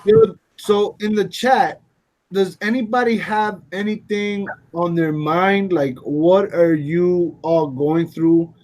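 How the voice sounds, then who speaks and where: A man's voice: high voice, slow pace, darkish tone, a little hiss or hum. A man co-hosting a live stream, chatting casually and talking straight to the viewers in the chat. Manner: playful, addresses the chat directly. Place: lived in Texas.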